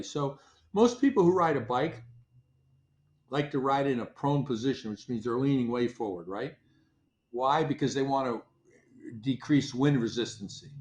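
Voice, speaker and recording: An older man, a company founder, recounts how he started his business. He tells it like a casual story and acts out what people said along the way. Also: medium pitch. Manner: animated storyteller, acts out his own past dialogue. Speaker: company founder, interview guest.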